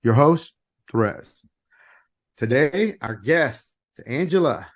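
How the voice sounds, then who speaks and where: A man hosting a casual podcast, talking in a relaxed, halting way with frequent restarts. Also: medium pitch. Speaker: podcast host.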